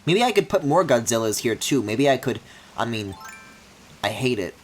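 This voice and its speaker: A man streaming a video game, thinking aloud in a low mumble and breaking into high, excited squeals and mock-outraged swearing. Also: moderate pace, soft background music. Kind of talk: live-streamed gameplay commentary.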